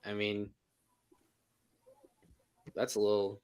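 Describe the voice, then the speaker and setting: A man's voice: on the low side, monotone, slow, darkish tone, clear, resonant tone, no room sound. A man co-hosting a fan football stream, joking and teasing his co-hosts between plays. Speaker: co-host, color commentator. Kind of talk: livestream banter and commentary.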